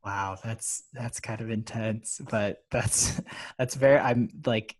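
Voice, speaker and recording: Male podcast host, easygoing and casual, laughs often, halting phrasing. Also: fairly low pitch, fairly even intonation.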